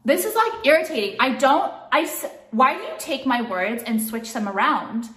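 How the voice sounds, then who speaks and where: Fed up and swearing, a female makeup vlogger vents in a home monologue where "like" turns up almost constantly. She speaks at a moderate pace in a high, animated, fairly bright voice, with a roomy sound to the recording.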